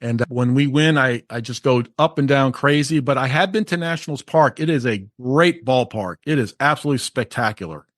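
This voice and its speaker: A man's voice: mid-range voice, fairly quick, hardly any pauses, no room sound, studio quality. A man hosting a podcast, chatting in a friendly and enthusiastic way about being a sports fan. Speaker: podcast host. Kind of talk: casual chat.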